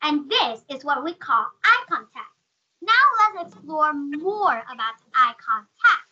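A woman with a Vietnamese accent leads an online class, asking questions and calling on students by name. Her voice is very high and strikingly bright. The audio is dull and lo-fi, as on a video call. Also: big pitch swings, measured pace. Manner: calls on students by name, asks many questions. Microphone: computer mic on a video call.

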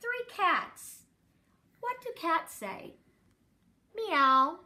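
A woman therapist reading a picture book aloud at home, slowly naming animals and colors and prompting a young child to repeat words. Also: high-pitched, very animated, pushed and bright. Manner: slow, exaggerated, prompting questions. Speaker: developmental therapist.

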